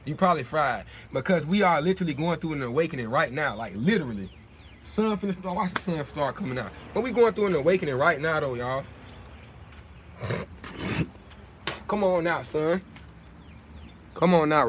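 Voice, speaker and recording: A man's voice: on the high side, lively intonation, normal speed, pauses often, a bit bright, slight background noise. A young man hosting a casual livestream, talking in streetwise slang in a preachy way, often repeating his points. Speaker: livestream host.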